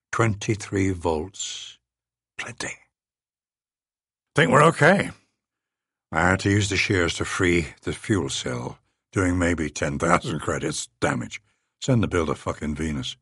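A man giving a measured, dry first-person audiobook narration into a close studio mic. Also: low voice, a bit bright, breathy edge, no room sound.

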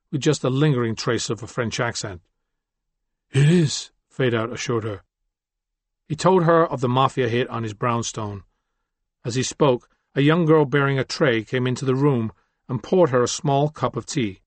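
A man reads fiction aloud in a measured, steady narration at a mid pitch. The recording is dry and close, with no room sound. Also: dry recording. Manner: measured, descriptive reading. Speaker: audiobook narrator. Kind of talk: scripted narration.

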